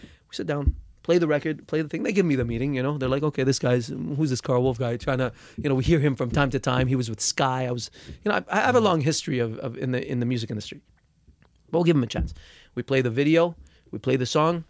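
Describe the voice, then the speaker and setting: Gravelly and fast, this mid-range voice belongs to a young musician telling his story in an informal interview, recorded dry. Swearing and repeated words run throughout, and anger makes him loud.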